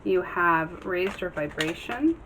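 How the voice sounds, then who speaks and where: A woman's voice: lowish voice, expressive, slow, background noise. A woman giving a casual tarot reading to her viewers. She talks earnestly and encouragingly, with many ums and restarts. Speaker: tarot reader.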